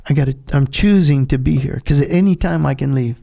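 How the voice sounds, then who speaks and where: A man's voice: mid-range voice, brisk, creaky, warm tone. An older man, a former Navy SEAL guest, telling rambling stories with frequent laughs and acted-out voices. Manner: rambling, laughs often, acts out quoted voices. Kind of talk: casual storytelling interview.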